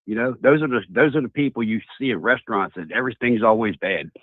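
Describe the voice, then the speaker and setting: A man's voice: mid-range voice, fast talker, no room sound. Folksy man on a phone line. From Tennessee, USA. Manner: folksy and emphatic, repeats himself. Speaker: caller. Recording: dry tinny phone line.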